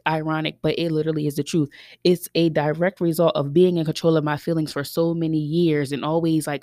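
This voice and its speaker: A woman's voice: deep voice, a little mellow, no echo, clean studio sound. A woman of thirty hosting a podcast, talking candidly and reflectively in a loose, rambling way with many fillers. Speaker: podcast host. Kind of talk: casual reflective monologue.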